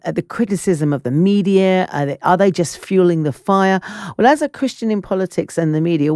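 Woman presenter, low-ish mellow voice, dry close sound, chatty live radio host. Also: no echo. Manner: conversational, with fillers and restarts. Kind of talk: live radio current-affairs interview.

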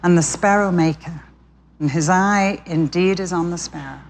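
A woman Bible teacher giving a sermon as an expressive children's story. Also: lowish voice, normal speed, a little hiss or hum.

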